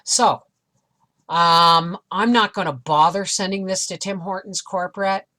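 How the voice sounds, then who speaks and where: A woman's voice: fairly low pitch, a little slow, sharp tone. A middle-aged woman vlogger animatedly retelling a frustrating experience in a casual storytelling way. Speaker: homestead vlogger.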